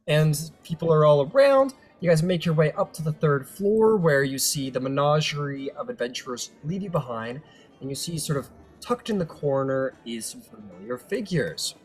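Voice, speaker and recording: A man running a tabletop game as game master, narrating casually with a lot of ums and rambling. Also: medium pitch.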